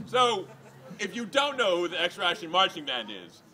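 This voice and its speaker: A man tells a long personal story on stage. He rambles and jumps into voices and shouts for the quotes. His voice sits high and sounds bright. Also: moderate pace. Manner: rambling, animated, acts out quotes and yells.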